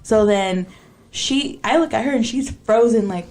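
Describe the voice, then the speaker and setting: A young woman co-hosting a podcast, telling a story in a casual, animated way with lots of fillers and laughter. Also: fairly high pitch, normal speed. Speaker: podcast co-host.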